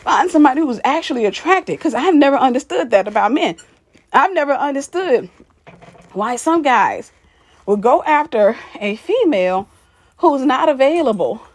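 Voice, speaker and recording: Husky-voiced woman telling a story. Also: sits high, animated, moderate pace. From Mississippi. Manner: candid, frank, addresses listeners directly; walking up stairs while talking. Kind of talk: casual personal storytelling.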